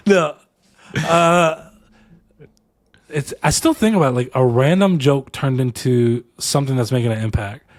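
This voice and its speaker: A man's voice: mid-range voice, fairly quick, hardly any pauses, dry recording. A tired man co-hosting a podcast, telling stories casually and with emphatic, motivational repetition. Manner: animated, acts out dialogue in stories. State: tired after back-to-back recording. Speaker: podcast co-host. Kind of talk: casual storytelling.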